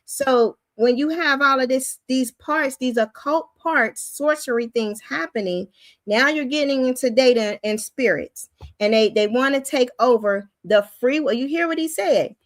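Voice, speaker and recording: A woman's voice: high-pitched, measured pace, no echo. A woman giving an emphatic spiritual teaching, full of rhetorical questions and repetition. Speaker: preacher and teacher.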